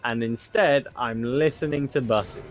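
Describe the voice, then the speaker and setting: A man's voice: medium pitch, unhurried, highs cut off, faint music behind. A young man, casually telling a long story full of swearing and acting out both sides of each conversation. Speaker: gamer streamer.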